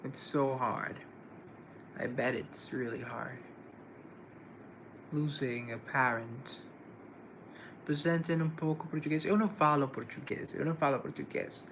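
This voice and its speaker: A man's voice: mid-range voice, steady tone, unhurried, pauses often, noisy background. A man hosting a live stream in a casual, chatty way, greeting viewers by name and answering their comments.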